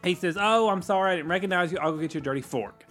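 Guy with a high voice telling long jokes, chuckling along, faint music behind. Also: a bit bright. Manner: drawn-out storytelling, chuckles at own jokes. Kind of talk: casual joke telling.

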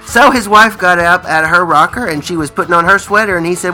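A man co-hosting a comedy radio show, telling jokes in playful, animated banter. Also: sits high, fast, hardly any pauses, faint music behind, poor audio. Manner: animated, playful, breaks into laughter. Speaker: co-host.

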